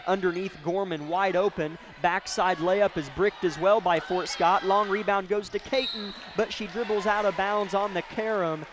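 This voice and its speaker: A man calling a high school basketball game play by play from courtside, quick and excitable, rising to shouts on big plays. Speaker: play-by-play announcer. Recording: noisy gym broadcast feed.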